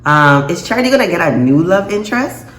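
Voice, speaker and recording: A woman reviewing a TV episode in a casual vlog, expressive and quick to laugh and gasp. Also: fairly low pitch. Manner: expressive, reacts with laughs and gasps. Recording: echoey room, faint noise.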